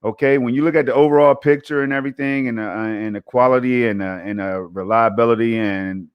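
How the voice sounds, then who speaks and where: A man's voice: mid-range voice, fairly even intonation, fast talker, smooth, muffled recording. Emphatic man co-hosting a podcast. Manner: emphatic, conversational, keeps saying man and you know. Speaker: podcast co-host. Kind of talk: casual podcast chat.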